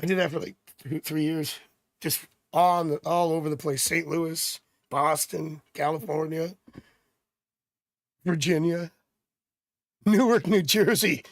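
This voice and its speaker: A man's voice: a little high, fairly even intonation, a little slow, pauses often, dry recording, studio quality. A middle-aged man hosting a live tarot stream, chatting casually and drifting off into rambling personal stories. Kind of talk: casual livestream chat.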